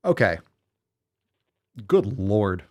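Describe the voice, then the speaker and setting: A man's voice: on the low side, very animated, drawn-out words, darkish tone. Sarcastic, profane male show host. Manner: casual and profane, rambling with frequent restarts; sarcastic and exasperated. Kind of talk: livestream commentary.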